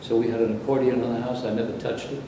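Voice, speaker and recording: A man's voice: medium pitch, little pitch movement, fast talker, heavy reverb, recorded from a distance, noisy background. An older man from Brooklyn, New York, reminiscing in a rambling, anecdotal way during an interview. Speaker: interviewee, former radio announcer.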